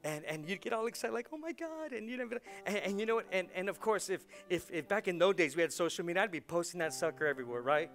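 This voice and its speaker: A man in his forties, a pastor preaching a lively sermon, laughing often and repeating words as he gets worked up. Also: high-pitched, fast, few pauses, soft background music. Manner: animated, laughing, repeats words when excited.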